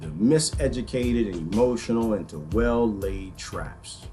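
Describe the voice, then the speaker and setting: A man putting on a slow, grave voice of a solemn male mentor figure, reading ominously. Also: lowish voice, lively intonation, dark tone, faint music behind, voice pushed down.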